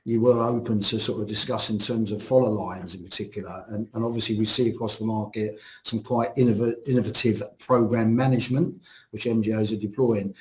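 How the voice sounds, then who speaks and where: A man's voice: lowish voice, steady tone, brisk, a little mellow, rough recording. A man moderating a business webinar over a video call, talking with many restarts and fillers.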